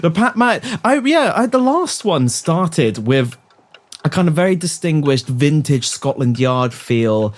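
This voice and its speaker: A man's voice: a little high, very animated, a little slow. A man co-hosting a comedy podcast, dry and teasing, often giggling. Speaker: podcast co-host. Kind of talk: comedy podcast script reading.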